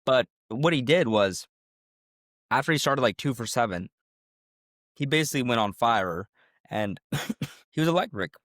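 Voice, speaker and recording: A man's voice: medium pitch, unhurried, long pauses, dry recording, studio quality. A man co-hosting a sports podcast in casual chat, joking and laughing often while sick with a cough. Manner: excitable, jokey, laughs often. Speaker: podcast co-host.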